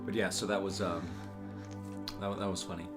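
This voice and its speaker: A man's voice: sits low, little pitch movement, brisk, music in the background. A man co-hosting a casual gameplay stream, rambling through a story with lots of fillers and laughter. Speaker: co-host playing a video game.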